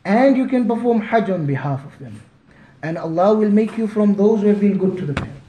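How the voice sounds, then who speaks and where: Malawian-born male preacher, emotional sermon, high pitch, faint hiss, echoey mosque. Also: lively intonation, fairly quick. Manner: impassioned, pleading, rises to near shouting.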